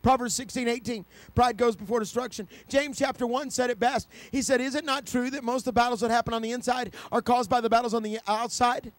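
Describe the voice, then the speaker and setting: Middle-aged male preacher, high voice, dry close sound, storytelling sermon that swells into fervent shouting. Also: fairly even intonation, fast, hardly any pauses, no echo. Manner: storytelling preacher, builds to loud passionate climax.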